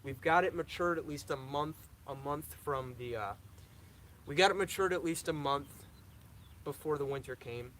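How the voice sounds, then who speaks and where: A man's voice: a little high, moderate pace, fairly bright tone, slight background noise, low-quality recording. A young man hosting a live stream, reading viewer questions aloud and answering them in a casual, repetitive way that stutters now and then. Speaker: lawn care channel host.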